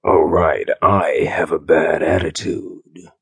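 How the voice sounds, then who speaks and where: Man doing a gravelly, cocky agent. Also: very deep voice, steady tone, slow, fairly bright tone, no echo, studio quality, pitched below the performer's own voice, exaggerated voice. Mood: smug. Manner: cocky, scoffing. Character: smug, cocky male agent, insubordinate. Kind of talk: audiobook character voice.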